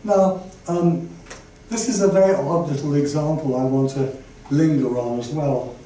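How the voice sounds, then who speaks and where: A man's voice: on the high side, a little slow, warm tone. An older man giving a chatty, digressive public talk to an audience, full of asides and fillers. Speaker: guest lecturer. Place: lecture room with an audience. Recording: very echoey room, voice from far off, faint background noise.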